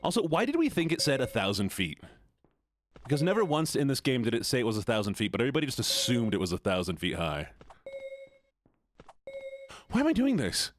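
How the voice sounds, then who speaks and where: A man's voice: mid-range voice, big pitch swings, fast talker, a little hiss or hum. A man live-streaming in a playful, joking way, sounding nasal and stuffed-up as he teases his chat. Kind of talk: casual live-stream chatter.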